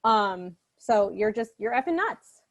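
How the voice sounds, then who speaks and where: A woman's voice: mid-range voice, animated, measured pace. A woman voicing a frightened but defiant teenage girl. She reads the girl's lines in an alarmed, indignant and emphatic way.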